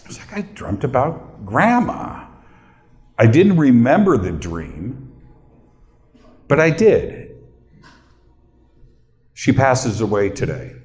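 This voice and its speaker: A man's voice: mid-range voice, sing-song, slow, long pauses, a little mellow. A middle-aged male host talking casually and personally to a live audience, choked up and near tears, chatting with the crowd. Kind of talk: casual emotional talk to a room.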